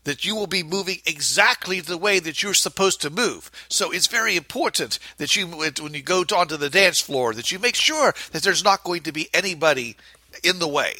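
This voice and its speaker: A man's voice: a little high, expressive, moderate pace, bright, forceful tone, no echo, exaggerated voice. A man putting on a pompous Spanish-accented dance master. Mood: grandiose. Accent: mock Spanish.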